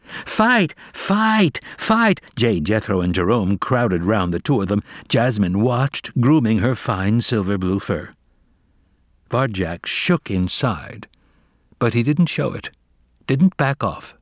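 A man narrating a children's novel as an audiobook, reading in an expressive, animated way. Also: fairly low pitch, takes it slowly, no room sound, studio quality. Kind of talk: audiobook storytelling.

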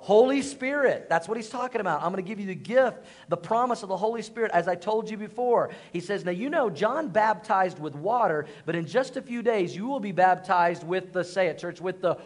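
A man's voice: high-pitched, a little fast, hardly any pauses. A man preaching a sermon as pastor, telling a humorous story about himself and calling on the congregation to respond. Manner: animated storytelling with self-deprecating humor.

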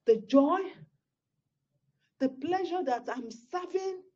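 A woman's voice: high voice, expressive, slow pace, warm tone, highs cut off. A woman pastor, telling a personal testimony in a sermon with exclamations and repeated words.

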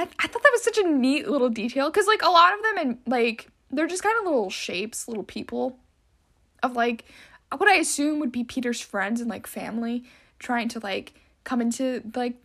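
A young woman chats through a solo podcast in a rambling, easygoing way, her speech full of filler words. Her voice sits high and sounds bright and sharp, and she talks freely without a script. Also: lively intonation, normal speed, gravelly. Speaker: podcast host. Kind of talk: casual solo podcast chat.

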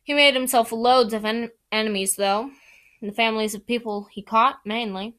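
A man's voice: sits high, fairly even intonation, moderate pace, sharp tone, smooth. A woman reading aloud, voicing a friendly young man eagerly explaining something. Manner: chatty, explanatory.

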